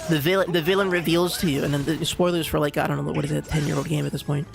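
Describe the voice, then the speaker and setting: A young man talks through a game in loose, rambling commentary, full of restarts and fillers. His voice sits fairly high, with a gravelly edge. Game music plays clearly beneath him. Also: fairly even intonation, very fast. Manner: rambling, restarts, lots of "like" and "you know". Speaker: streamer. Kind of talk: casual gameplay commentary.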